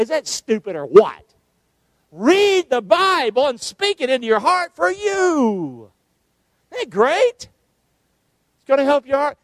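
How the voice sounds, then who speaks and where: A man's voice: extremely high pitch, sing-song, takes it slowly, no echo. A middle-aged man preaching a sermon as pastor, emphatic and calling on the congregation to answer back. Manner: emphatic preaching with call-and-response.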